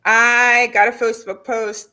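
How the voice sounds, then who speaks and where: A woman gardener in a casual chat, telling an excited story. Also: a little high, unhurried.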